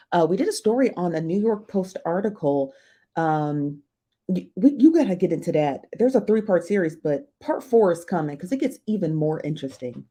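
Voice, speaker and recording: A woman's voice: on the low side, dark tone. A woman hosting a casual livestream, chatting with viewers, greeting them by name and laughing often, recorded on a phone. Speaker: livestream host.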